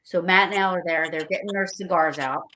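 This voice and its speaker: Excited, rambling woman telling stories. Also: fairly low pitch, fairly quick, a little hiss or hum. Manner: excited, rambling storyteller acting out quotes. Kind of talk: casual livestream chat.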